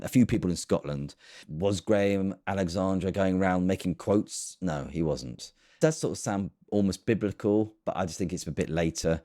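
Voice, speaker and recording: A man with a very deep voice, riffing in sarcastic, rambling comic commentary. He talks casually and loosely, and keeps circling back on himself. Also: darkish tone. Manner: sarcastic, rambling with fillers and restarts. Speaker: comedy show host.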